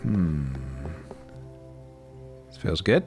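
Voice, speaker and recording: A young man chatting casually to his live-stream viewers as he plays a game, playful and chatty, with sudden excited squeals. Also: low-pitched, extremely slow, vocal fry. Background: faint game music.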